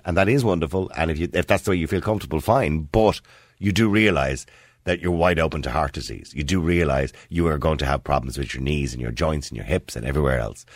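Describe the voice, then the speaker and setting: A man's voice: extremely low pitch, dry recording, studio quality. A middle-aged Irish man hosting a phone-in radio show, chatting casually and laughing easily with his co-host and callers.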